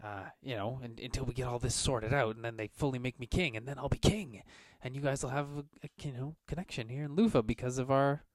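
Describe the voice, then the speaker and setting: A man's voice: medium pitch, fast talker, few pauses, no room sound, clean studio sound, voice pushed up, lightly acted. A man voicing a bumbling king who hides in a bad old-man disguise, first with a phony, overdone old voice and then with eager chatter.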